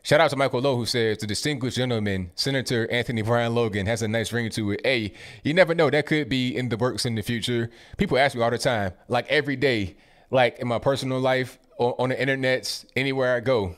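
Casual male live-stream host. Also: medium pitch. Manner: casual, quick asides after each message. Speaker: political commentary host reading viewer messages. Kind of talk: live-stream chat reading.

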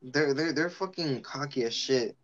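A man's voice: mid-range voice, moderate pace, no room sound, muffled recording. A young man chatting casually, swearing freely and telling a story while acting out the people in it. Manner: animated, swearing, acts out quoted people.

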